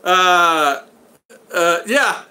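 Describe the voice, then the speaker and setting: A man's voice: high-pitched, expressive, drawn-out words, sharp tone. An older American man hosting a casual livestream, reading viewers' chat aloud, greeting them by name and laughing often. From United States.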